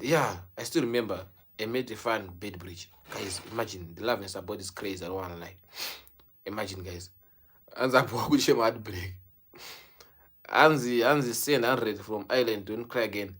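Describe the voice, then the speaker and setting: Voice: medium pitch, husky. A young adult Zimbabwean YouTuber whose first language is Shona, talking in a casual vlog and switching between English and Shona mid-sentence. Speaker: YouTuber celebrating a subscriber milestone.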